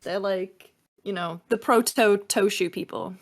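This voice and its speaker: A woman chatting as a podcast guest in a lively, loose way, swearing freely and pitching games with enthusiasm. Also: a little slow. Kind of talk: casual podcast chat.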